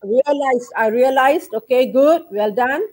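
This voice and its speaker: Malaysian English woman, co-teacher, high voice, keeps urging the class. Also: unhurried, darkish tone. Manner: coaxing, urges students to join. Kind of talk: live online tutoring lesson.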